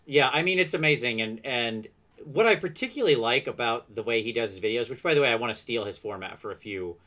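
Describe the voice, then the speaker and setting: A man hosting a podcast, chatting casually with quick asides and self-deprecating laughs. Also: medium pitch, pushed and bright. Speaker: podcast host. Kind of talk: casual chat.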